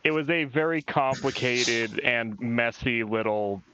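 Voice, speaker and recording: Bright-voiced man with dry wit, lo-fi mic. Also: medium pitch, a little slow, clean tone. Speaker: podcast co-host. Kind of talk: casual chat. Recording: dull lo-fi mic.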